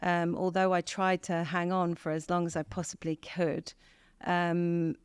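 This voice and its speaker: An English woman from the north of England, a podcast guest speaking candidly and thoughtfully, pausing often with ums. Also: fairly low pitch, monotone, clean tone, no echo. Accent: northern English over a southern English base. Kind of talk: reflective interview conversation.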